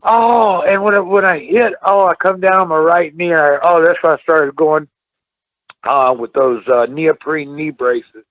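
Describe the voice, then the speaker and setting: A man's voice: fairly high pitch, a little slow, dry recording. Rambling storyteller man on a tinny phone. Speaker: guest, former wrestler. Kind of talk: storytelling interview. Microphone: phone call.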